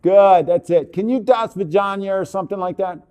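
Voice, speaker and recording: A man coaching a portrait subject through a photo shoot, giving brisk, repetitive commands over a live video call. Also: high voice, mellow.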